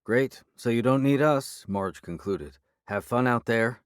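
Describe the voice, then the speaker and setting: A man voicing a blunt, sardonic small-town woman sheriff, brisk and impatient, in an audiobook. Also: mid-range voice, smooth, no echo, clean studio sound, voice pushed up, close to an everyday voice. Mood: dismissive. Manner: brisk, impatient, dryly sarcastic. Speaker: character voice in an audiobook.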